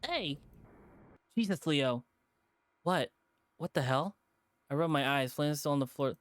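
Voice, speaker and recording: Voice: medium pitch, lively intonation, measured pace, fairly bright tone, dry recording, clean studio sound. Stressed-out streamer reading a visual novel. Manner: rattled, repeating itself, swearing under its breath. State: stressed, shaken. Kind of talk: reading a game aloud with character voices.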